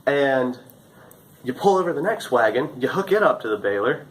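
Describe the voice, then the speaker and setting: On a rough recording, a young Carolinas man with a medium-pitched voice at normal speed recounts his farm internship days. His storytelling is casual and animated, complete with acted-out shouts and gestures.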